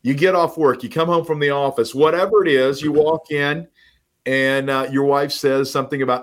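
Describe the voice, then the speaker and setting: A man speaking as a podcast guest who coaches real estate agents, telling stories with lively acted-out dialogue. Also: medium pitch, a little fast. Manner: animated storyteller, acts out quoted dialogue. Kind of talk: casual podcast conversation.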